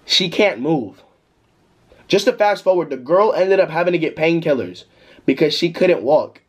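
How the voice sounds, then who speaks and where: A young man tells a story to his vlog in a loose, slangy, animated way. His voice is husky and a little breathy, and it swings widely in pitch, jumping high whenever he gets worked up. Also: normal speed. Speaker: vlogger. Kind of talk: casual storytime.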